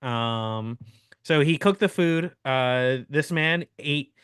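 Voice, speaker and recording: A young man hosting a podcast, telling a long story in an animated, laughing way with many restarts. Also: mid-range voice, slow pace, clean tone, dry recording, clean studio sound. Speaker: podcast host. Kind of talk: casual storytelling chat.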